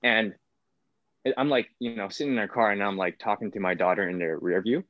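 A man's voice: on the low side, a little fast, no room sound. A man, an actor, talking casually in an interview, rambling with many fillers. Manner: rambling, full of fillers like "like" and "whatnot". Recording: dull, lo-fi sound.

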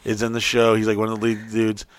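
A man's voice: lowish voice, completely flat delivery, fast talker, smooth, dry recording. Profane, fired-up man chatting. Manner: profane, emphatic, gets fired up. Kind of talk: casual crude chat.

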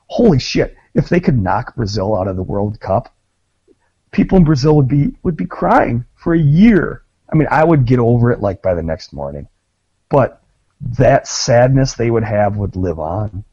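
A man's voice: medium pitch, big pitch swings, moderate pace, mellow, breathy edge, dry recording, highs cut off. Gleeful, profane man. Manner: gleeful, profane mock-gloating. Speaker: podcast co-host. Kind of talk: casual chat.

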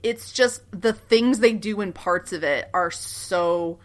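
Woman, podcast co-host, casual chat, excitable, laughs a lot, mid pitch. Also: takes it slowly.

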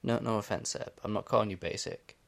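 A man's voice: lowish voice, steady tone, fairly quick, creaky. A man co-hosting a casual podcast chat, teasing his co-host and laughing often.

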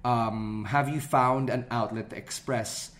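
A man hosting a podcast interview, asking reflective, measured questions. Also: medium pitch, fairly even intonation, a bit bright. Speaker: podcast host. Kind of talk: conversational interview.

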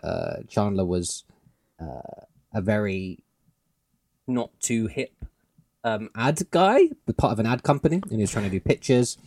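A man's voice: on the low side, dark tone, no echo. A man co-hosting a casual podcast, chatty and rambling, laughing often as he talks. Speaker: podcast co-host. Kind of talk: casual chat.

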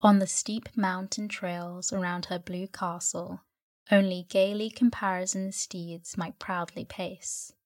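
A woman narrating a classic novel as a bedtime sleep story, in an even storytelling manner. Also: lowish voice, slow. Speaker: audiobook narrator.

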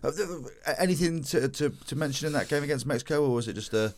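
A man's voice: fairly high pitch, lively intonation, fast talker. A man co-hosting a podcast in casual chat. He leads the talk, teases his partner and acts out what others said. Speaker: podcast co-host.

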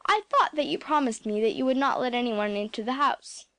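A woman's voice: a little high, expressive, brisk, a bit bright, dry recording. A woman reading a grave old doctor. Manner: grave and impressive.

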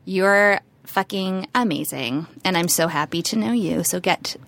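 Woman podcast host, casual chat, animated, jokey, some swearing. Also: fairly low pitch, unhurried, gravelly, no echo.

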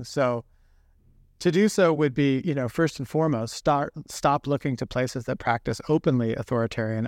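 A man with a gravelly, creaky voice answers interview questions in a measured, earnest way. The sound is dry and close, with no room around him. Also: mid-range voice, dry recording. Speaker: guest author. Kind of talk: political interview.

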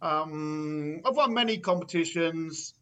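High-voiced earnest British sumo coach. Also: male voice, takes it slowly, a bit bright. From United Kingdom. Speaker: guest, sumo wrestler and coach. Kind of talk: casual interview chat.

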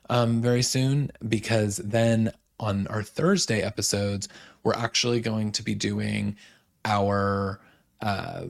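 A young man hosting a solo podcast, retelling a reality-show episode in a chatty way full of "like"s and quick restarts. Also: on the low side, creaky. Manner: chatty, filler-heavy retelling with many "like"s. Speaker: podcast host. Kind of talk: casual solo podcast recap.

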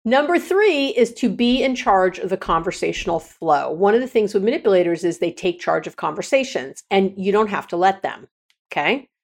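A woman's voice: mid-range voice, sing-song, moderate pace, gravelly. A middle-aged woman hosting a podcast, giving frank, casual relationship advice with many restarts and repeated words. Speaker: podcast host and counselor.

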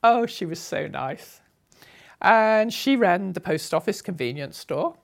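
A woman's voice: on the low side, animated, measured pace, vocal fry. An older woman from Sussex, chatting through memories of her travels with frequent laughs. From England (Sussex). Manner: chatty, anecdotal, laughs often between phrases. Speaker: traveller recounting her journey. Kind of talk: conversational travel memoir.

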